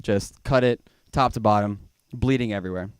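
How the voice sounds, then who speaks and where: A young man doing a stand-up comedy set in a small comedy bar, telling a rambling, self-mocking story and now and then breaking into loud, high-pitched shouting. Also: moderate pace, clear, resonant tone, no echo.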